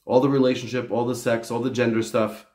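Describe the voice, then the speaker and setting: A man giving a casual video lecture as a religious teacher, talking in an animated, digressive and emphatic way. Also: medium pitch, a little fast.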